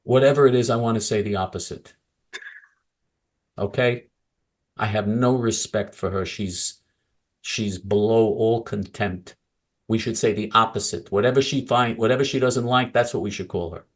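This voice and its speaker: A male political commentator ranting angrily and mockingly, swinging from loud outbursts to low mutters. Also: moderate pace.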